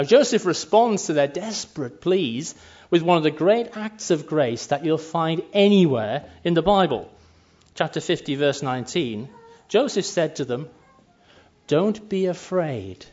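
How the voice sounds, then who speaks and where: Male preacher, chatty sermon, slightly high voice, dull lo-fi recording. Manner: conversational, acts out brief quoted asides. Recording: muffled lo-fi sound.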